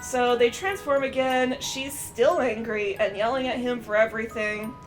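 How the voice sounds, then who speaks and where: Woman, high voice, casual recap, chatty and animated, faint music underneath. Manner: chatty, animated, with many fillers and quick quoted voices. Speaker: streamer reviewing a cartoon episode.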